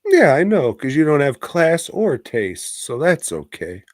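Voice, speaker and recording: A man's voice: on the high side, wildly swooping pitch, measured pace, no room sound, clean studio sound. A man co-hosting a casual movie review podcast, teasing his co-host and swearing freely. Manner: profane, teasing, drawling.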